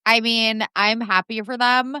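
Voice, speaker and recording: A woman guesting on a pop culture podcast, chatty and quick with asides, saying "like" often. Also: a little high, steady tone, bright, forceful tone, clear, resonant tone, no echo, studio quality. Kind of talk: casual pop culture chat.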